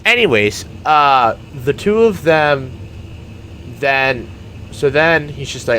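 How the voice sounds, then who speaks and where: A man talks casually over his gameplay, drifting from one idea to the next. His voice sits in an ordinary middle pitch. A faint air-conditioning hum runs underneath. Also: expressive, a little slow, fairly bright tone. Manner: rambling, meandering storytelling. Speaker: gaming YouTuber. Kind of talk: casual commentary while playing a game.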